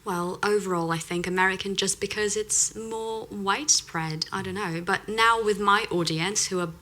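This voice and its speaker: Quick-talking woman from Russia, bright voice. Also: medium pitch, fairly even intonation, a little hiss or hum. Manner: quick bursts with fillers like "you know" and "like". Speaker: accent coach, podcast guest. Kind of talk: casual interview chat.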